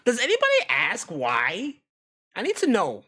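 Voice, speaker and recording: An American streamer with a fairly high, sharp and forceful voice rambles casually as he reacts to videos. He talks in a loose, profane way and laughs often. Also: huge pitch swings, measured pace, slightly rough. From United States.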